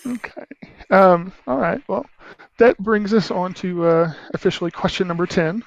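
A man hosting an interview, his fairly high voice full of gravelly fry. He asks his questions in a relaxed, halting way with lots of ums and uhs, and the recording sounds dull and lo-fi. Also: no room sound. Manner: relaxed, hesitant, many fillers. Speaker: podcast host.

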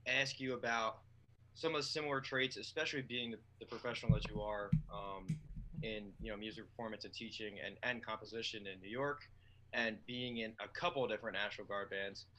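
A man's voice: on the low side, fairly even intonation, a little fast, pushed and bright, slight background noise, poor audio. Casual, meandering male interviewer. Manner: loose, filler-heavy, meandering questions. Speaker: interview host.

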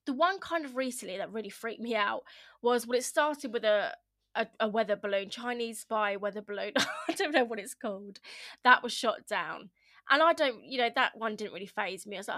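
A woman's voice: mid-range voice, a little fast, pushed and bright, no echo, clean studio sound. A woman in her thirties chatting casually to her viewers, rambling, swearing and laughing as she goes. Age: 30s. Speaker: vlogger. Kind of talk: casual chat to camera.

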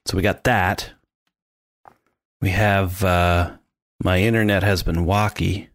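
Low-voiced man, dry close sound. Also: slow, no echo. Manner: animated, mimics sounds and voices while describing scenes. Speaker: podcast co-host. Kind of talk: casual chat.

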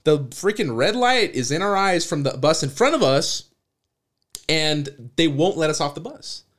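A man's voice: a little high, very animated, moderate pace, a bit bright. A young man hosting a podcast, telling a road trip story in a casual, laughing way. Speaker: podcast host.

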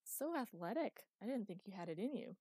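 A woman's voice: medium pitch, expressive, a little fast, mellow, husky, no echo, studio quality, voice pushed up. A woman voicing a playful adult daughter who teases her father in a bubbly way. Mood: teasing. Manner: bubbly, teasing.

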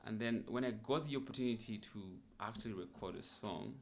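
A man's voice: lowish voice, brisk, darkish tone, slight background noise. A young man, a musician, telling his story in a casual podcast interview in a laid-back, reflective way. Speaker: musician guest.

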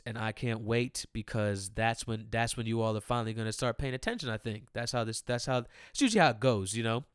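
A man's voice: medium pitch, a bit bright, clear, resonant tone, no room sound, studio quality. A man hosting his own podcast, ranting in a profane, heated and repetitive way and talking straight to his listeners. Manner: talks directly to listeners. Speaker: podcast host. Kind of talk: casual solo podcast rant.

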